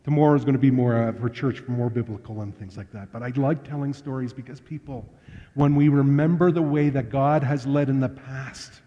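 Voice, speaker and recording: A man preaching a sermon, telling stories in a relaxed, conversational way. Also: medium pitch. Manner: conversational, anecdotal storyteller. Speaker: pastor. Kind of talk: storytelling sermon. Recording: dull lo-fi sound with long hall reverb.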